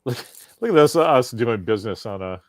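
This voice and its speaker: A man co-hosting a casual podcast, talking in quick animated bursts and cursing freely. His voice sits at an ordinary middle pitch. The recording is dry and close, with almost no room sound. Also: dry recording. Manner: animated, profane, frequent restarts. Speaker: podcast co-host. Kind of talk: casual chat.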